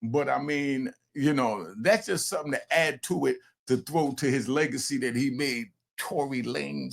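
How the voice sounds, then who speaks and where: A man's voice: medium pitch, normal speed, creaky, background noise. An older man and grandfather hosting a true crime show, talking bluntly and animatedly straight to his viewers. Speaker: true crime commentator and host. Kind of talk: casual streetwise commentary to camera.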